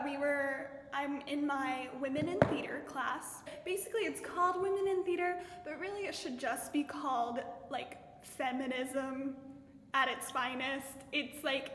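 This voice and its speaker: Young woman, high-pitched, bubbly casual vlogger storytelling, roomy echo. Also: fairly bright tone, slight background noise. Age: young adult. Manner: bubbly storytelling, heavy use of "like". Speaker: college student vlogger. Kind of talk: casual chat. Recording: roomy echo with long reverb.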